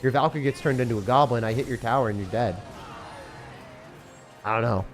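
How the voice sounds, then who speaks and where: A young man commentating his own gameplay as a streamer, excitable and sarcastic, mocking what he complains about. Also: mid-range voice, a little fast. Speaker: game streamer. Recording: faint music behind.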